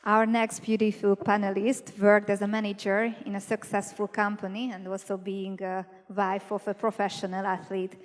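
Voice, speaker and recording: A woman's voice: mid-range voice, little pitch movement, normal speed, few pauses. A woman moderator formally introducing the next panelist on stage. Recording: reverberant hall with audience.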